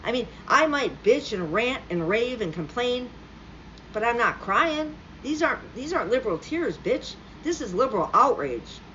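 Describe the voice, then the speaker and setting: A woman's voice: a little high, sing-song, normal speed, pushed and bright. A woman delivering a profane, sarcastic political rant straight to the camera. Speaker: political commentator. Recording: slightly dull lo-fi recording with faint background hum.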